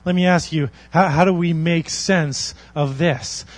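A man preaching a sermon as a pastor, earnest, swinging between loud emphasis and quiet intensity. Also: fairly high pitch, steady tone, a little slow, no room sound.

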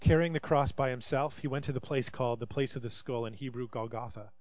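A man's voice: medium pitch, fast, a little mellow, no room sound. Pastor preaching a sermon, man. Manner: reads scripture aloud and voices quoted speakers dramatically.

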